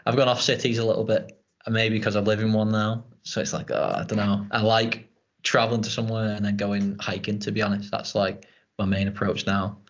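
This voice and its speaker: Relaxed man, lowish voice. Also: brisk, muffled recording. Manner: rambling, relaxed, swears casually. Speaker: podcast host. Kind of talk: casual chat.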